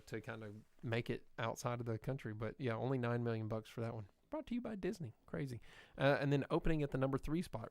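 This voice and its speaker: A man's voice: mid-range voice, dry recording. A man co-hosting a podcast, running through box office figures in a casual, upbeat way with frequent fillers. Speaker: podcast co-host. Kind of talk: casual chat, reading box office numbers.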